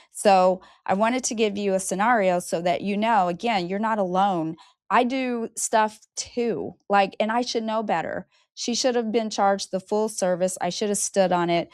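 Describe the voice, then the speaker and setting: A woman in her fifties, a longtime hairdresser and salon owner, candidly telling a personal story from work and lively acting out the people she quotes. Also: clean tone, dry recording, clean studio sound. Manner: expressive, acts out quoted people with high animated voices.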